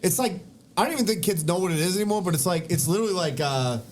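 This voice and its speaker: A podcast host rants in casual, profane chat. His voice sits high and swoops widely. Faint noise hangs behind him. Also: rapid-fire. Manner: animated, profane, rambling ranting.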